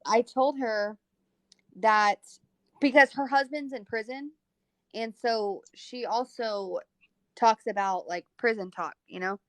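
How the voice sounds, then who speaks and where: Higher-voiced woman on a live stream, swears a lot, animated. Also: unhurried, dry recording, low-quality recording. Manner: animated, profane storyteller. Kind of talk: casual live-stream chat.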